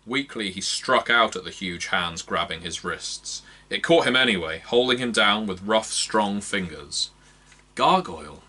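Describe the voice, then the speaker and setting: A man narrating a fantasy novel aloud in a measured, expressive reading. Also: lowish voice. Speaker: audiobook narrator. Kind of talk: scripted narration.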